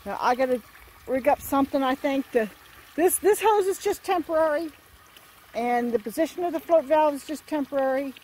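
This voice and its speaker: A woman homesteader talking casually outdoors at her barn, chatting about the water setup and cooing to her animals in a higher sing-song voice. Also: normal speed, a little mellow. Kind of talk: casual farm vlog chat. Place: outdoors at a barn and livestock run.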